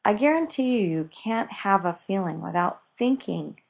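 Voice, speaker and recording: A woman teaching self-help ideas in a motivational talk, expressive and acting out everyday examples. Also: medium pitch, normal speed, creaky.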